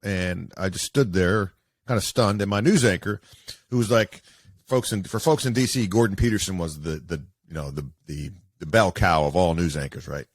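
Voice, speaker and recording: A man, a sportscaster, telling stories casually as an interview guest in an animated way with many fillers. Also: deep voice, normal speed, no echo. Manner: animated, acts out quoted voices, many fillers.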